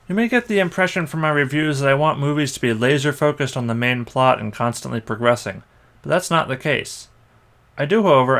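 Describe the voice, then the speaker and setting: A young man narrates a film review in a scripted voice-over. His delivery is dry and sarcastic, picking apart the story point by point. His pitch sits in an ordinary middle range. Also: fairly bright tone. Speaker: anime movie reviewer.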